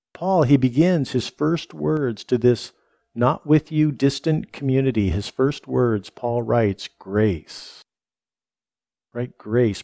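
A man's voice: medium pitch, gravelly, mellow, no room sound, studio quality. A man preaching a reflective sermon, reading scripture aloud and repeating phrases for emphasis. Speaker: pastor.

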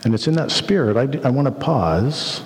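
A man preaching a sermon, slow and reflective, with many pauses. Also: mid-range voice, lively intonation. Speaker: pastor. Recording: long reverb of a hall.

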